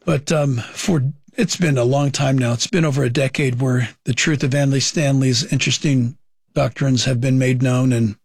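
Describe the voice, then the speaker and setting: A man's voice: medium pitch, fairly even intonation, normal speed, vocal fry, darkish tone, slightly rough, dry recording, clean studio sound. A man critiquing preachers' teachings in an emphatic way, asking his own questions and answering them. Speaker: Christian commentator.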